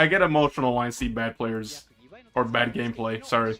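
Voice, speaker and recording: A man streaming himself reacting to an esports match, excitable and teasing, with drawn-out dramatic groans. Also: medium pitch, soft background music. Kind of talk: casual live-stream reaction commentary.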